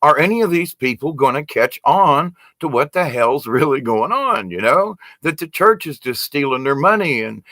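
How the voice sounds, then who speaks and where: A man delivering a casual, rambling opinion monologue, wry in tone and full of restarts. His voice sits a little high and swings widely up and down. The recording is dry, with almost no room sound. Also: pushed and bright, no echo. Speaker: vlogger.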